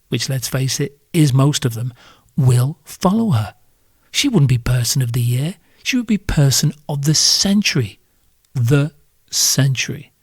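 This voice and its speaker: A man's voice: a little high, darkish tone, slightly rough, dry recording, studio quality. A British man hosting a solo podcast, ranting in a sardonic, crude and profane way. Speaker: podcast host.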